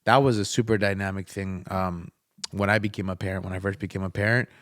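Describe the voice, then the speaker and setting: A man's voice: low voice, fairly even intonation, quick pace, fairly bright tone, dry recording, clean studio sound. A young man, a guest on an interview podcast, telling a personal story in an earnest, emotional, conversational way. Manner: earnest, emotional, faith-filled, speaks of a father's love.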